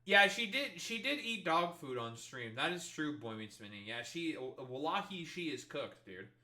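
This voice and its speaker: A man's voice: fairly high pitch, very animated, normal speed, sharp tone. A young man streaming live commentary, swearing a lot and sounding sarcastic and incredulous. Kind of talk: livestream reaction commentary.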